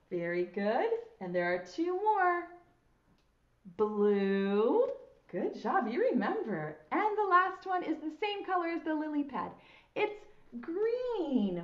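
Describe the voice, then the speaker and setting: A woman preschool teacher talking to young children on video in a sing-song, slow, exaggerated way, full of praise, at her school. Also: high-pitched. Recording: roomy, slightly dull lo-fi sound.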